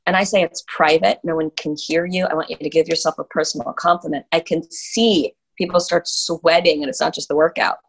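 Earnest woman with a lowish voice. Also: fairly even intonation, fairly quick, hardly any pauses, breathy edge, rough recording. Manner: earnest, encouraging, repeats words. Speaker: fitness instructor. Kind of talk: casual chat.

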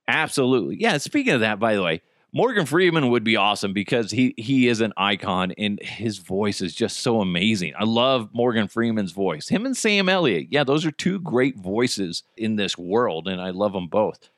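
American man, podcast host, casual comic rant, lively pitch, profane, dry close mic. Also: moderate pace, no room sound. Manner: animated, profane, jokey.

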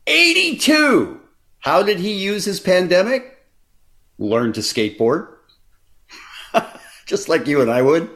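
A man hosting a casual chat, talking quickly in a dry, sarcastic way. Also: fairly high pitch. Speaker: host.

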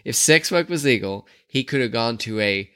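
A man's voice: medium pitch, animated, normal speed, sharp tone, smooth, no echo, clean studio sound. A man co-hosting a podcast in casual banter, joking and swearing, often laughing. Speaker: podcast co-host.

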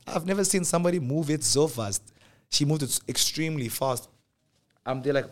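Young South African male host, casual storyteller, lively delivery that jumps up for quoted lines. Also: mid-range voice, quick pace. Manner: animated, acts out dialogue in different voices. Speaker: podcast host.

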